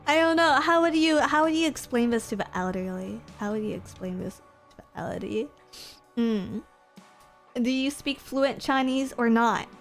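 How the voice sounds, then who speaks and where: Woman streamer, playful, self-mocking, quick to laugh, light music bed. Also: a little high. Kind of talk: casual chat reading viewer comments.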